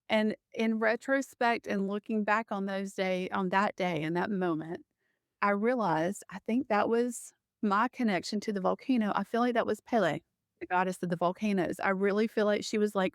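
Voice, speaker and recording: A middle-aged woman telling a personal story as a guest, animated and laughing often, with many restarts. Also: mid-range voice, moderate pace, no room sound, clean studio sound.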